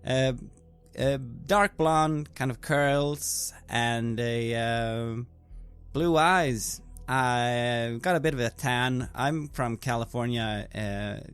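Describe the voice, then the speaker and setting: A bubbly, carefree young woman student from California, as a man plays her in his own voice. She rambles along chattily with a smooth, clean tone. It is in-character tabletop role-play. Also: medium pitch, slow pace, fairly bright tone, soft background music.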